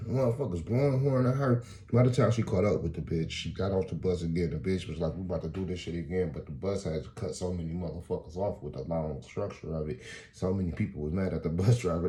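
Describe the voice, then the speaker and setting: A man tells a rowdy street story as freestyle stand-up, his low, mellow voice swinging sharply upward whenever he acts out the people in it. He curses freely and keeps a loose, animated delivery. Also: moderate pace, slight background noise. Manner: animated, profane, jumps into high put-on voices for quoted people. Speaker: stand-up comedian.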